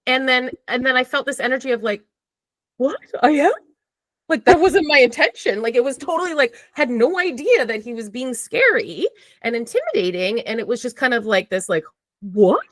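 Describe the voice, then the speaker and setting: A woman in a casual podcast chat, telling a story in an animated way, acting out quotes and saying "like" often. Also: fairly high pitch, fairly quick, no room sound. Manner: animated, acts out quotes, frequent "like". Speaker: podcast conversation partner.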